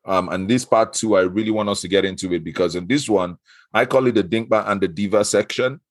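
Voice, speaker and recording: A man hosting a casual podcast, playful and animated, breaking into quick asides. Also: on the low side, dry recording, clean studio sound. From Nigeria. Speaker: podcast host.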